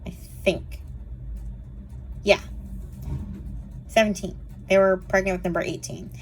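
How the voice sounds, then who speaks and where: A woman's voice: mid-range voice, fairly even intonation, slight background noise. A woman chatting casually through a monthly reading wrap-up, rambling with lots of fillers. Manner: chatty and rambling, frequent fillers and quick laughs. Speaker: book reviewer.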